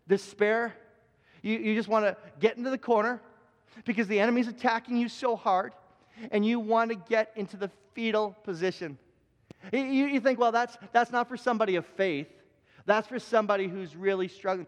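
A male pastor preaching a live sermon, earnest, repeating key phrases for emphasis and often restarting his sentences. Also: extremely high pitch. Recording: long reverb of a large hall.

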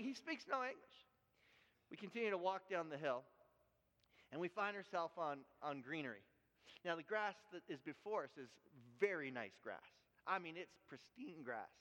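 In a dull, lo-fi recording from an echoey hall, a male pastor from Canada tells a personal story during his sermon. His voice is high and fairly bright, and he speaks earnestly, frequently repeating and restarting words.

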